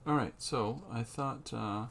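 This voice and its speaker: A man talking through a drawing tutorial as he works, unhurried and halting, thinking aloud. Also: medium pitch, creaky, background noise. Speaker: comic artist drawing on camera.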